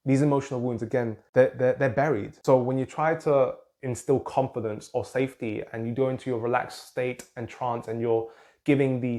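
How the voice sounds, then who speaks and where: A man's voice: mid-range voice, darkish tone. Earnest man explaining as a coach. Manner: earnest, repeats points with "again", writes on a board. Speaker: anxiety coach. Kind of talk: explanatory talk to camera.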